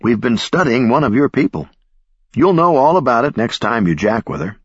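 A man reading aloud voicing a brisk, dry-humored male scientist colleague who talks in a clipped, matter-of-fact way. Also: mid-range voice, expressive, breathy edge, dry recording, lo-fi sound, pitched above the performer's own voice.

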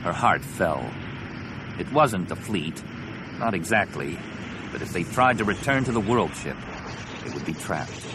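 A man with a very deep voice narrates an audiobook, his delivery swinging widely in pitch. His reading is dramatic and expressive. A clear hiss runs behind the recording. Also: a little slow, pauses often.

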